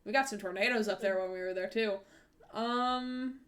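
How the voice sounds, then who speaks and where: A woman streamer chats casually as she plays a game live, rambling and correcting herself with many fillers. Her voice sits in the mid-range, slightly bright, at a normal pace.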